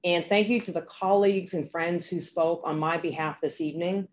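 A woman giving a grateful, measured acceptance speech as an award honoree. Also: lowish voice, fairly even intonation. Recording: dull lo-fi with faint noise.

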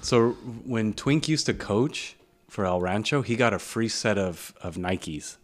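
Man, low voice, casual podcast chat, rambling storyteller, quotes others mid-story. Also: lively intonation, measured pace. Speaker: podcast co-host.

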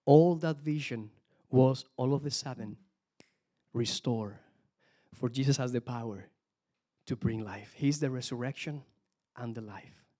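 A man preaching a sermon, animated, calling out hallelujah and praise the Lord between points. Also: mid-range voice, measured pace. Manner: animated, exclamations of hallelujah, some restarts.

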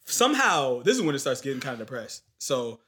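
A young man in casual chat, telling a long story in animated, slangy talk with lots of fillers. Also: mid-range voice, fairly quick.

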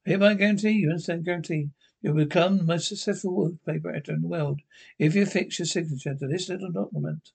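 A man's voice: a little high, steady tone, quick pace, gravelly, a little mellow, breathy edge. An actor playing a sly old male devil who poses as an eccentric man, coaxing and mock-polite in a TV drama. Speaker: newspaper typesetter. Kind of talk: TV drama acting.

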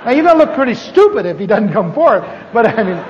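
A pastor with a high-pitched voice preaches in a self-mocking, humorous storytelling way. His voice rings out with a long reverb through a large hall. The recording is dull and lo-fi, with a faint hiss underneath. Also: sing-song, fast. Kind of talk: storytelling sermon.

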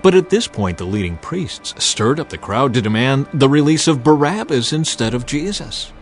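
A man's voice: mid-range voice, very animated, moderate pace, faint music behind. A man reading a Bible passage aloud with dramatic emphasis, his voice swelling on the quoted cries. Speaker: scripture reader.

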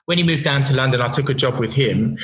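A man's voice: medium pitch, fast, fairly bright tone. A man in his thirties, a chef, telling kitchen stories in casual podcast chat, blunt and swearing freely with many restarts. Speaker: chef guest. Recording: roomy echo.

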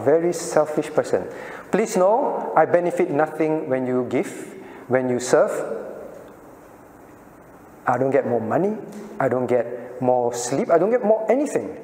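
Earnest pastor teaching in an echoey hall. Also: male voice, a little high, a little mellow. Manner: earnest, questions the class and calls on people by name. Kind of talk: interactive Bible class teaching.

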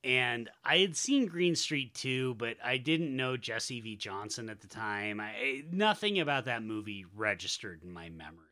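A man's voice: mid-range voice, animated, normal speed, hardly any pauses, bright, forceful tone. An American man co-hosting a casual film podcast, talking with enthusiasm and sarcastic asides. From Utah, USA. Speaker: podcast co-host. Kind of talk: casual chat.

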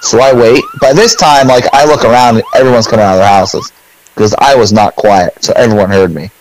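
A man's voice: medium pitch, animated, brisk, a little hiss or hum, low-quality recording. A middle-aged man, a podcast co-host, telling a long story in casual chat, rambling with fillers and acting out his own lines.

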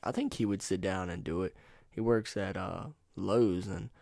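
A man's voice: low-pitched, normal speed, vocal fry, darkish tone, no room sound, studio quality. A man hosting his own solo podcast, rambling in a casual, profane, laid-back way into a USB microphone at home. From North Carolina. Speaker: podcast host.

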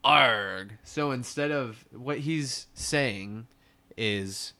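A man co-hosting a casual podcast, recapping a cartoon episode with relaxed, joking remarks. His voice sits at an ordinary middle pitch, and he talks in an easygoing, agreeable way. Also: moderate pace. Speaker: podcast co-host.

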